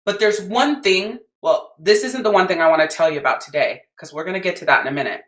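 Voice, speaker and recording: An American woman with a low voice, talking to listeners in a blunt, swear-heavy rant as a business coach. Her voice bounces around an echoey room. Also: fast talker, fairly bright tone. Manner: blunt, emphatic, swears freely. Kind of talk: podcast rant.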